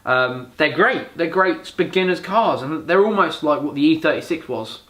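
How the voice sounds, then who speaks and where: A man's voice: fairly high pitch, moderate pace. A man chatting as a podcast guest, telling stories animatedly and acting out the quoted dialogue. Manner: animated storyteller who acts out quoted dialogue. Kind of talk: casual podcast chat. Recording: roomy echoey recording.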